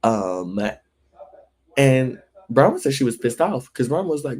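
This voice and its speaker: A man hosting a casual gossip recap, talking loosely with lots of fillers and jumping into high-pitched impressions of the people he quotes. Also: sing-song, a little slow, a little mellow, breathy edge. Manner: chatty, filler-heavy, acts out quoted lines in high voices. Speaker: recap show host.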